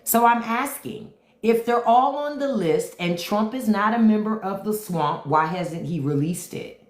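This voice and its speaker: On a livestream, a woman gives blunt, taunting, unfiltered commentary in AAVE, repeating her question to the commenters. Her mid-range voice is a little slow, and the mic picks up a roomy echo.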